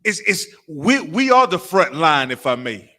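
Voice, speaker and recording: A man's voice: a little high, measured pace. A man preaching a fiery street-style sermon, swearing freely and firing off rhetorical questions and call-and-response. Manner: animated, mimics crying and barking for laughs. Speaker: preacher of a religious camp.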